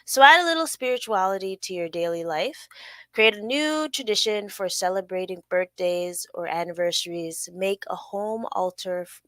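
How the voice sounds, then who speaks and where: A woman's voice: medium pitch, fairly bright tone, no room sound. A woman hosting a casual solo podcast, chatty and loose, often laughing and adding playful sound effects. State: sore from working out. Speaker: podcast host.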